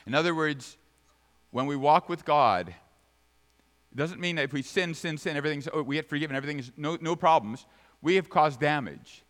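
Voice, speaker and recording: A man preaching a sermon, swinging from sudden high, loud bursts to soft, low asides. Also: moderate pace. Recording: long reverb of a large hall.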